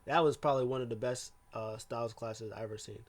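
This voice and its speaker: A man's voice: mid-range voice, steady tone, fast talker. A man casually recapping a wrestling show, rambling and heavy with fillers and restarts.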